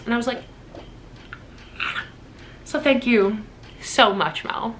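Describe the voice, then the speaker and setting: A young woman with a bright, forceful voice gushes over her birthday gifts in a casual home vlog. She talks fast and excitably, dropping casual swears, with a faint hum of the room behind her. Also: on the high side. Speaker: vlogger.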